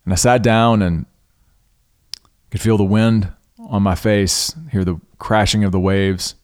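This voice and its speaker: A man hosting a podcast, earnestly recounting a personal spiritual experience in an unhurried way, pausing and restarting mid-thought. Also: on the low side, fairly even intonation, a little mellow. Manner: spiritual, devout tone. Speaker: podcast host. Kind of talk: reflective personal storytelling.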